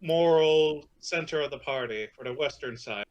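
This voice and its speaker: A man's voice: fairly high pitch, normal speed, highs cut off. A man at a tabletop game making wry jokes to the other players. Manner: joking, wry.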